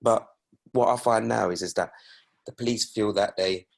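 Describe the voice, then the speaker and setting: A young man speaks in a low, gravelly voice with a husky edge. He tells his stories emphatically and sounds indignant. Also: fairly even intonation, moderate pace. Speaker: guest DJ. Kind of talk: casual chat.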